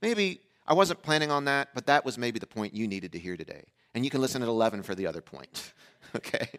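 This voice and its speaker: A man preaching a sermon as a pastor, telling a family story in a casual, conversational way and acting out the dialogue with lively energy. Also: mid-range voice, brisk. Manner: animated storyteller who acts out dialogue.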